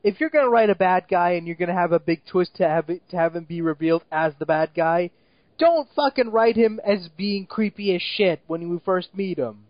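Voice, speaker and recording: A man's voice: sits high, fairly quick, dry recording, dull audio. A man co-hosting a casual movie review chat, ranting with exasperation, swearing often and laughing at what he mocks. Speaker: movie review podcast co-host.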